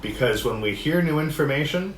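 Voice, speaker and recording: A man teaching a discussion workshop, reading passages aloud and explaining them in a relaxed way, often laughing. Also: fairly high pitch, a little fast. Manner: relaxed, laughs often, acts out quoted voices. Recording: echoey room with faint noise.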